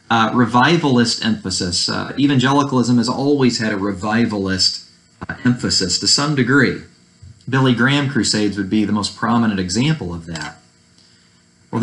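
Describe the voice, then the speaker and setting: Male church teacher, mid-pitched, lecturing off the cuff, roomy echoey sound. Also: a bit bright. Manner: unscripted, restarts phrases, fair-minded asides.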